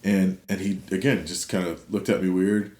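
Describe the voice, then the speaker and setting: Middle-aged guy telling his story in an interview, kinda low voice, earnest, room echo on it. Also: normal speed. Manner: earnest, animated retelling that drops low and quiet for grave parts. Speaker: interview guest. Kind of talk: personal storytelling in a podcast interview. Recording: roomy echo.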